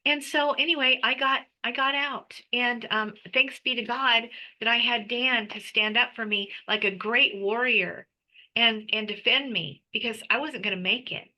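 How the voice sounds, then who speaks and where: A woman guest telling her personal story in an emotional, animated way, full of restarts. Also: a little high, normal speed, highs cut off. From United States. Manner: animated, breathless retelling with restarts.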